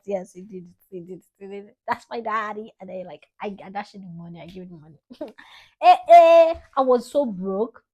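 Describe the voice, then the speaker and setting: A young woman with a Nigerian accent speaks straight to camera, expressive and a little dramatic. She swings between soft, fond remarks and bursts of laughter as she thanks her father. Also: medium pitch, normal speed. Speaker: vlogger. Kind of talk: heartfelt tribute to her father.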